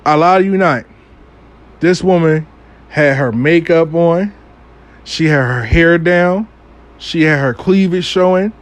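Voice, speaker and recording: A man's voice: fairly high pitch, takes it slowly, pauses often. A man telling a casual, profane story in loose street slang, often repeating phrases like "out of nowhere". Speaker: storytime vlogger.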